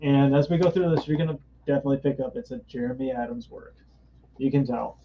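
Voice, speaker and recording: A man's voice: mid-range voice, fast talker, a little hiss or hum. A man hosting a casual comic book reading show, chatting and narrating the story in a store. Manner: chatty, reads every part aloud. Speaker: host. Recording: dull lo-fi stream audio.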